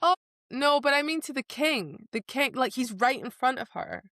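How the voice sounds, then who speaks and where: A woman co-hosting a casual book podcast, talking fast and breaking into quick voices for the characters. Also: high-pitched, no echo, clean studio sound. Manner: animated, acts out characters in quick impressions. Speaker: podcast co-host.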